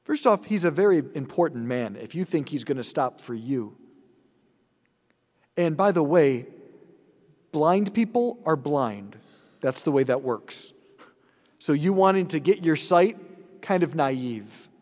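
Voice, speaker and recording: Unhurried priest preaching in a hall. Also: male voice, fairly high pitch, animated, darkish tone. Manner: conversational, earnest preaching with rhetorical asides. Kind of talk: sermon. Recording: long hall reverb.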